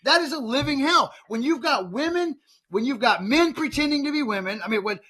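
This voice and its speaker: Fired-up ranting man with a high, bright voice. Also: animated, a little fast, husky. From United States. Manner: heated, ranting, repeats words and restarts. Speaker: podcast host. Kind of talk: political podcast rant.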